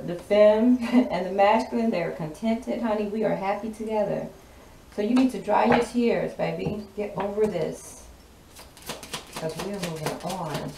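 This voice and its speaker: A woman's voice: medium pitch, creaky, far from the mic. A woman, giving a sassy, drawling tarot reading in a spoken channeling style and laughing often. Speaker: tarot reader. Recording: echoey room, voice off-mic, noisy.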